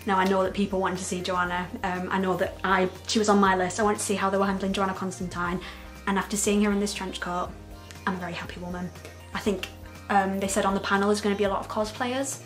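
A woman's voice: medium pitch, quick pace, faint music behind. Gushing woman fan, laughs a lot. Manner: excitable and gushing, laughs often. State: emotional, close to tears. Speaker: vlogger reacting to a trailer. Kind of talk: casual, unscripted reaction commentary.

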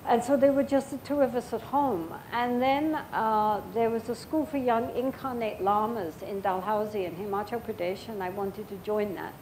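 An older woman giving a Buddhist dharma talk as the teacher, speaking gently and reflectively and telling stories with frequent pauses. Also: a little high, slight background noise, poor audio.

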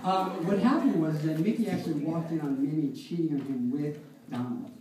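A man's voice: on the high side, a little fast, mellow. A man doing a loose, rambling amateur stand-up set, chuckling at his own jokes. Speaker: stand-up comedian. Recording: echoey room, far mic, noisy.

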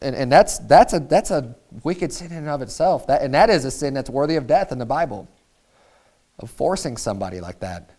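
A man's voice: medium pitch, animated, brisk, darkish tone. A male pastor preaching a sermon in a conversational way, often repeating words as he paraphrases scripture.

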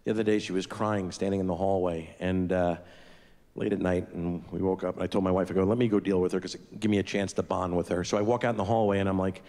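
A middle-aged man performing a stand-up comedy routine on a theater stage, with deadpan asides and acted-out quotes of his kids. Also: low voice, fast, in a large hall. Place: theater stage before a crowd. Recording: live stage recording with audience noise.

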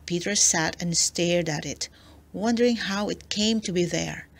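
Slow-reading woman narrating a storybook. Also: lowish voice, gravelly, heavy background noise. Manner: slow, deliberate, expressive. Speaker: storybook reader. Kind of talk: children's read-aloud narration.

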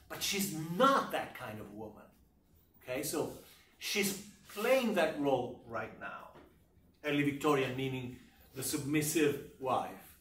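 A male university lecturer with a fairly high voice teaches literature at an unhurried pace, leaning on his key points and often checking in with "okay?" and "right?". He is picked up from across an echoey lecture room, so his voice sounds distant and the room rings around it. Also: a bit bright.

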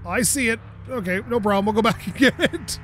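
A man giving casual gameplay commentary at home, excitable, laughing, swearing and talking to objects in the game. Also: very high-pitched, a little fast, faint music behind. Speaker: gaming YouTuber.

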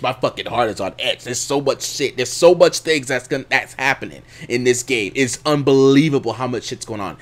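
A man hosting a horror game let's play, talking profanely and nervously, yelping and shouting when scared. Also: medium pitch, fast talker, few pauses, soft background music. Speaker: gaming video host.

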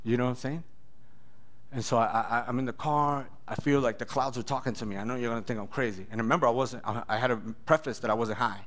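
A pastor telling his testimony in a sermon, animated, acting out voices and often laughing. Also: mid-range voice, fast.

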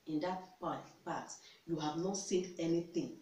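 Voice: medium pitch, a little slow, warm tone. Emphatic adviser in an echoey room. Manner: emphatic, repeats key words and asks rhetorical questions. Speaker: relationship advice vlogger. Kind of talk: instructive counseling talk. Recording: echoey room, distant mic, faint hiss.

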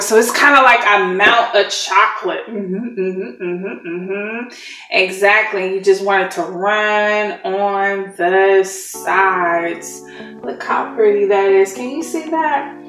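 A woman's voice: mid-range voice, takes it slowly, pushed and bright. A woman hosting a casual cooking demonstration, chatty and admiring her own work, speaking from a kitchen far from the mic. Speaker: cooking show host. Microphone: far from the camera mic. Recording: echoey room, distant mic, background music.

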